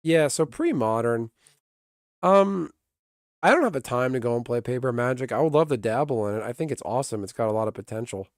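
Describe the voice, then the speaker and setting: A man's voice: mid-range voice, expressive, fairly quick, no room sound, clean studio sound. Rambling, laughing streamer guy. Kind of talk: casual livestream chat.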